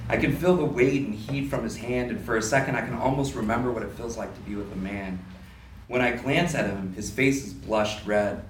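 A man's voice: medium pitch, a little fast, slight background noise. Man reading fiction aloud in a roomy hall. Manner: lively first-person storytelling with small laughs. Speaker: reader at a literary event. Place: live reading event indoors. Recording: roomy hall, distant mic, faint ambience.

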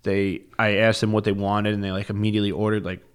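This young podcast guest tells casual stories in a clear, resonant voice that sits on the low side. He talks fast and animatedly, swearing a lot and packing his speech with filler words.

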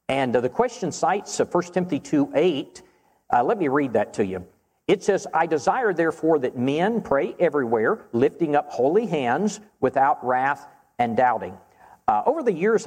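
A man's voice: mid-range voice, a little mellow. Earnest preacher man in a reverberant hall. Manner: measured and earnest, slows to stress key phrases. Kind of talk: Bible question-and-answer sermon. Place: church auditorium. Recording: long reverb of a church hall.

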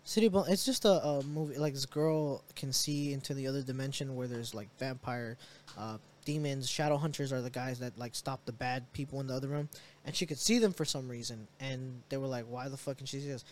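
A man co-hosting a casual podcast chat, telling stories in an animated way, swearing and acting out reactions. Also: medium pitch, brisk, slight background noise. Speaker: podcast co-host.

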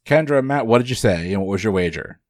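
A man hosting a trivia podcast, running the quiz in brisk, upbeat patter. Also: fairly low pitch, lively intonation, a little mellow, no echo, clean studio sound.

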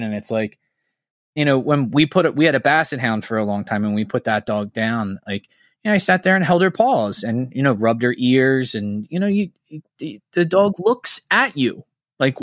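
A man chatting on a podcast, his voice mid-pitched and set close to a dry mic. He tells personal stories candidly, swears freely and gets heated about what upsets him. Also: expressive, normal speed, dry recording. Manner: candid, profane, heated storytelling. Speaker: podcast host. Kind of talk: casual podcast chat.

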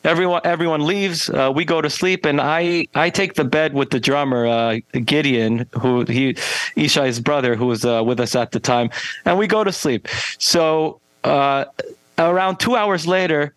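Male podcast guest, chatty rambling storyteller, slightly high voice, dry close sound. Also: no echo, poor audio. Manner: rambling, halting, with many fillers and restarts; animated, acts out quoted people. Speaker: guest, band frontman. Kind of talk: casual interview storytelling.

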